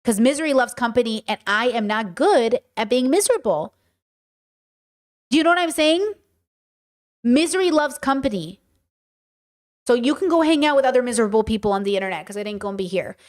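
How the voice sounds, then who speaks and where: Woman in her 30s going off on her podcast, blunt and sweary, kinda high voice. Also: expressive, a little fast, long pauses. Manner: blunt, profane and emphatic. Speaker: podcast host. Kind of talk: casual unscripted monologue answering chat.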